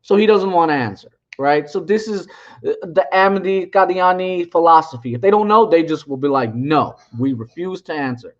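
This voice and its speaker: A man's voice: sits high, a little fast. A man in his forties rambling through a retelling of an online argument, trash-talking and mocking as he goes. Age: 40s. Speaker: channel host. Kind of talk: casual storytelling monologue. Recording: dull lo-fi audio.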